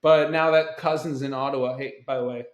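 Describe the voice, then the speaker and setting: A man co-hosting a casual sports podcast, steady and steering the talk, with frequent ums. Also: medium pitch, brisk. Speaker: podcast co-host. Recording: echoey room.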